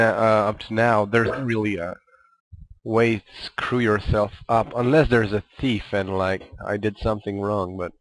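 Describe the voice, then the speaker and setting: A man's voice: lowish voice, rough recording. A man giving casual, self-mocking commentary while playing a video game, rambling and chuckling as he goes. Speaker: let's play commentator.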